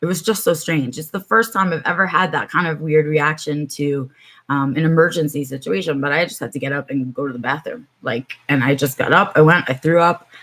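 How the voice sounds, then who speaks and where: A woman's voice: sits low, a bit bright. A middle-aged woman chatting on her live stream from home, telling a long story with many ums and asides to her viewers.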